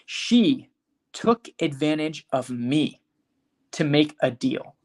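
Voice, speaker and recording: With lively intonation and a mid-range voice, this teacher delivers a live online English lesson. Example words are spoken slowly and carefully, students get called on by name, and understanding is checked frequently.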